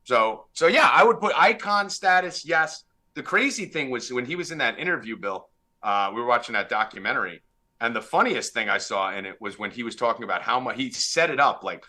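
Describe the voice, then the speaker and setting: A man's voice: mid-range voice, animated, fairly quick, bright, forceful tone. A man hosting a casual sports betting podcast, brash, profane and teasing his co-hosts. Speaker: podcast host.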